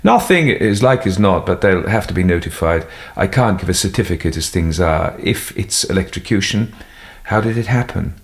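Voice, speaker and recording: A man's voice: deep voice, expressive, moderate pace. A man voicing a brusque, no-nonsense doctor. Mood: brisk. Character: brisk middle-aged male family doctor.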